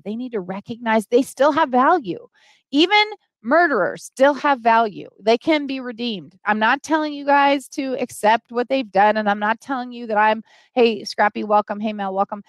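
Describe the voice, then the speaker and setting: A woman's voice: fairly high pitch, normal speed, no room sound, studio quality. A middle-aged woman hosting a live stream, earnestly pleading with viewers for help and greeting them by name as she talks.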